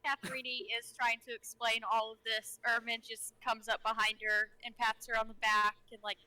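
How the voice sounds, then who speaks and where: Bright, tense-voiced female player. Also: fairly high pitch, little pitch movement, moderate pace, dry recording, rough recording. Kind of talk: narrating a tabletop game.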